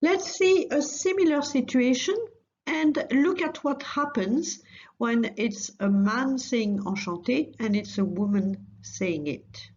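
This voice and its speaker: A woman's voice: a little high, slow pace, a little mellow, muffled recording. A woman teaching a recorded language lesson, patiently repeating phrases for learners.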